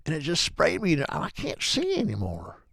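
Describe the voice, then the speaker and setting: A man's voice: fairly high pitch, wildly swooping pitch, moderate pace, gravelly, fairly bright tone, husky, no echo, studio quality. A middle-aged man hosting a trading video, rambling in a profane, joking way. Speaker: forex trading video host. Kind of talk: casual rambling monologue.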